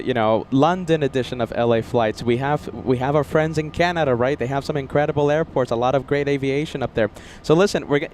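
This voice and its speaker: A man's voice: fairly high pitch, a little hiss or hum. An upbeat, chatty man hosting a casual livestream outdoors near an airport and reading viewer messages. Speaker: livestream host.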